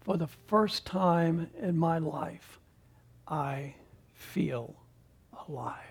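A man voicing a gentle husband in a sermon story, speaking tenderly and reassuringly. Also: high voice, a little slow.

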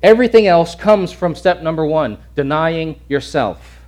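A man's voice: on the high side, animated, a little slow, a little mellow. Earnest stumbling male preacher. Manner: earnest, emphatic, with stumbling restarts and repeated words. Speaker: pastor. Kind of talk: sermon.

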